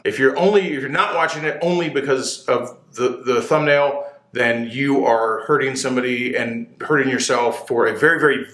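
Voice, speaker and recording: A man hosting a motorcycle channel, ranting casually and with plenty of opinion to the camera. He swears, restarts his sentences and sounds sweaty. He has no microphone, so the room echoes. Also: medium pitch. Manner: animated, opinionated, profane, stumbling restarts. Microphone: camera mic, no dedicated microphone.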